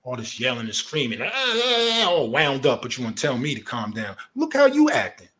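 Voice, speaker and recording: A man's voice: mid-range voice, wildly swooping pitch, brisk, pushed and bright. A man giving a heated, profane commentary rant, confrontational and argumentative as he rebuts an online opponent.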